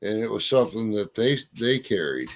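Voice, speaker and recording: A man's voice: lowish voice, very animated, a little fast. A man in a casual chat, telling folksy stories with a drawl and mild cursing. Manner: folksy storyteller, drawling, swears mildly.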